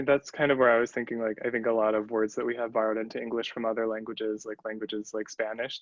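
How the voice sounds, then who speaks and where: A man's voice: medium pitch, no echo. A man asking a question in an academic discussion and thinking aloud tentatively. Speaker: audience member asking a question. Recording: dry, dull lo-fi audio.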